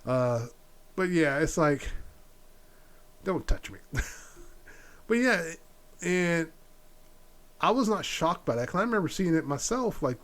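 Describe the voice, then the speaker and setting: A man's voice: fairly high pitch, fairly bright tone. A middle-aged man hosting a solo opinion podcast, blunt and exasperated, repeating his points. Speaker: podcast host.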